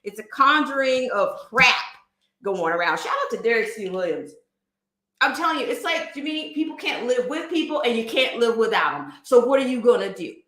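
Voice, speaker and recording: A woman's voice: on the high side, very animated, normal speed, sharp tone, echoey room. A woman hosting a livestream, ranting emphatically and firing off rhetorical questions. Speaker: livestream host. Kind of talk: casual livestream rant.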